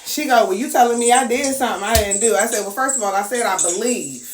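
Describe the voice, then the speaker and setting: A woman telling a casual story, acting out the voices of people in it with big swings in pitch. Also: fast talker. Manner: animated, acts out quotes with big pitch swings. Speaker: storyteller host. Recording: echoey room with faint noise.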